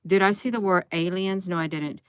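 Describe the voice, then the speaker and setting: A woman's voice: on the low side, fairly even intonation, fairly quick, clear, resonant tone, no echo, clean studio sound. A woman vlogging into her phone, thinking aloud in a casual, rambling way and often restarting her sentences.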